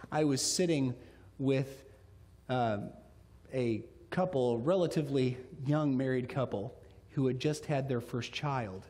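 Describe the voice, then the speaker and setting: A middle-aged man preaching a sermon, telling stories with lively delivery and acting out little voices. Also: medium pitch. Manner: animated storytelling, acts out voices. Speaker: pastor. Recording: echoey hall.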